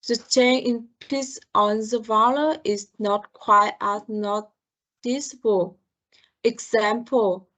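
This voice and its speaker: A woman with a slightly high voice reads a class presentation on syllable stress. Her delivery is slow and measured. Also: fairly bright tone, low-quality recording. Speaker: student presenter.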